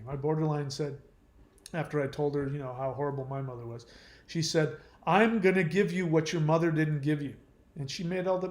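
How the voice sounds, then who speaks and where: A man's voice: a little high, a little mellow. Blunt lecturing man, echoey room. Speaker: YouTube channel host answering viewer comments. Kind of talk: live-stream commentary reading viewer comments.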